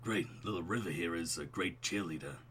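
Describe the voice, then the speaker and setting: A man voicing a laid-back young gym-bro dad who talks in a mellow, easygoing way. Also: deep voice, brisk, slight background noise, pitched below the performer's own voice. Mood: relaxed.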